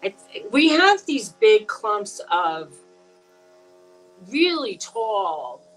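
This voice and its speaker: Lively, animated middle-aged woman chatting. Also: mid-range voice, drawn-out words, soft background music, poor audio. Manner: chatty and animated, swears and laughs easily. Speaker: channel host. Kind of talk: casual live-stream chat between friends.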